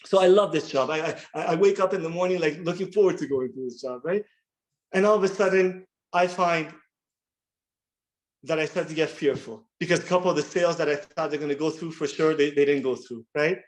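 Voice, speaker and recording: A man in his thirties sharing his recovery story at a workshop, earnest and halting, often repeating words as he restarts. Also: fairly high pitch, low-quality recording. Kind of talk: personal recovery share.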